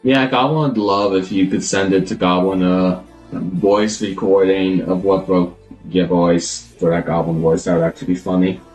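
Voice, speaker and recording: A man's voice: low-pitched, fairly even intonation, moderate pace, a little mellow, faint music behind. A man live streaming, chatting casually and rambling as he thinks aloud, always calling himself Goblin in the third person.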